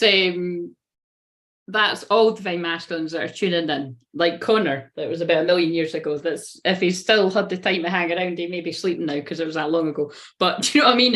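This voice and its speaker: A woman's voice: on the low side, fairly bright tone. A woman giving a casual tarot reading, talking in a chatty, rambling way, swearing constantly and laughing at herself. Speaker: tarot reader.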